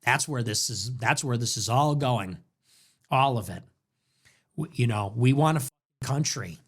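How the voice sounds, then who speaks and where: A husky, medium-pitched voice belongs to a young man hosting a political show, speaking a little slowly. He rants through a heated monologue, circling back to the same rhetorical questions repeatedly.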